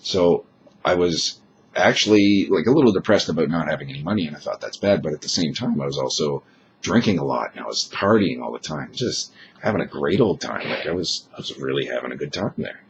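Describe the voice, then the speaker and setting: A man's voice: very deep voice, animated, a little fast, gravelly, muffled recording, a little hiss or hum. A young man with a chest cold, rambling frankly and swearing freely in a casual vlog monologue. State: chest cold, unusually deep voice. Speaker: vlogger.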